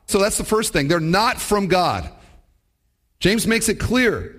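Man, pastor, sermon, high voice, conversational, rhetorical questions. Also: very animated, slow pace, a bit bright.

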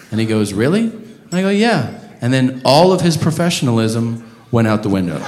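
A man doing a stand-up set in a club, telling a story with lots of swearing. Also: medium pitch. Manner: profane, animated storytelling. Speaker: stand-up comedian. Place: comedy club stage. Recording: echoey room with crowd noise. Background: audience laughter.

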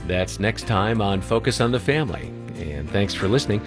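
A man co-hosting a radio show, reading the closing announcements with a smooth announcer delivery. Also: lowish voice, animated, normal speed, over music.

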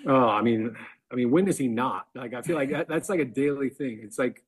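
A man's voice: medium pitch, brisk, breathy edge. A man telling a casual anecdote as a guest, rambling and filling every phrase with "like". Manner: rambling, heavy use of "like". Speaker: team broadcaster and show co-host.

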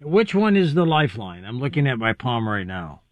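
Man, radio host, dry close studio sound, lively intonation, brief direct questions. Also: medium pitch, normal speed, dry recording, narrow, tinny audio. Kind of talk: interview questions.

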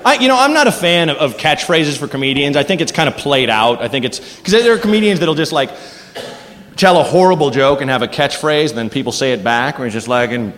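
Brief: lively male stand-up, slightly high voice, echoey club with noise behind. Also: a little fast. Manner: animated, rambling, self-mocking. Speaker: stand-up comedian. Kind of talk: stand-up routine. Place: comedy club stage.

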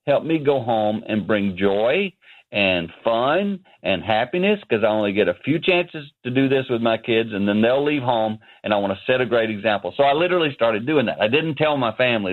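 A man in his fifties, a ministry founder, telling a personal story as a radio guest from his office. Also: mid-range voice. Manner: earnest, animated storyteller. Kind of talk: phone-in interview, storytelling. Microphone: phone line. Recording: tinny phone line.

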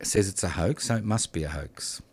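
A man's voice: sits low, expressive, normal speed, slightly rough. Wisecracking Australian man on the radio. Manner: joking, mock-outraged, laughs often. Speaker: radio talk show co-host. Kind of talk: sarcastic radio banter. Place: radio studio.

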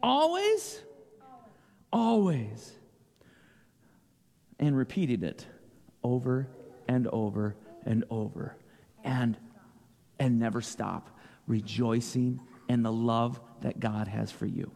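A man giving a playful children's sermon with a naturally loud voice, asking the kids questions and joking with them. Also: mid-range voice, steady tone, slow, gravelly, long reverb tail. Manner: playful, asks children questions, repeats jokes.

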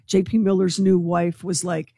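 A woman co-hosting a morning radio show, telling a news story to her co-hosts in an excitable, gossipy way. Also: fairly low pitch, moderate pace, creaky, no echo. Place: radio studio.

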